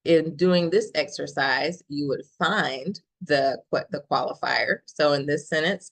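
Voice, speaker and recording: A woman's voice: fairly low pitch, measured pace, a bit bright, rough recording. A woman professor presenting a writing workshop, explaining steadily and checking in with the audience with frequent "okay?". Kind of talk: instructional workshop talk.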